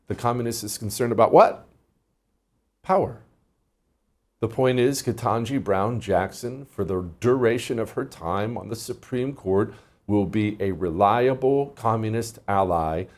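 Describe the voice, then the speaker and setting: Mocking male commentary host, lively pitch. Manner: mocking, emphatic, rhetorical questions. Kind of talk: monologue commentary.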